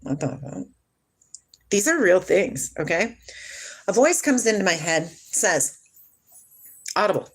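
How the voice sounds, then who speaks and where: A woman's voice: fairly low pitch, very animated, measured pace, long pauses, breathy edge. A woman telling a personal story to her live chat, rambling and emotional, swearing, losing her train of thought and starting over.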